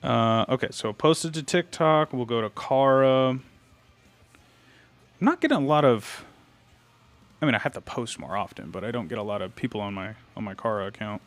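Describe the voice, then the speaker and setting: A young livestreamer with a mid-range voice talks at normal speed, casually greeting viewers and thinking aloud while posting online. Faint metal music plays in the background.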